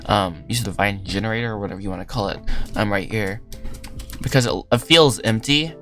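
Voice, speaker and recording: A man's voice: lowish voice, brisk, sharp tone. A young man hosting a casual livestream, talking loosely while he works, rambling, trailing off and laughing often. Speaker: livestream host. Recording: faint lofi music behind.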